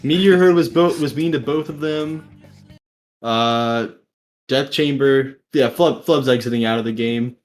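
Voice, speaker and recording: A young man commentates a live-streamed gaming tournament in a relaxed, chatty way full of fillers. His voice sits in an ordinary middle range. Quiet music plays in the background. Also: mid-range voice, a little slow. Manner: easygoing, chatty, lots of fillers.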